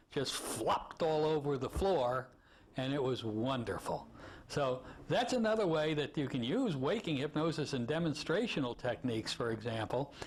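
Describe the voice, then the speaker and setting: A man's voice: a little high, a little hiss or hum. A man, a hypnosis instructor, telling an anecdote in a teaching talk and acting out the people in it. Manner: animated storyteller acting out voices.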